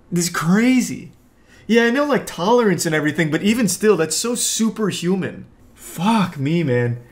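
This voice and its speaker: A man with a slightly high-pitched voice hosts a reaction video in loose, casual commentary. He rants with open disbelief and swears freely. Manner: incredulous, profane ranting.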